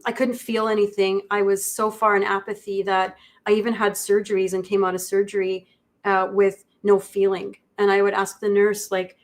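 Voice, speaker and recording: A woman guest in a livestream conversation, speaking in a halting, reflective way with many pauses. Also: medium pitch. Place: indoor studio.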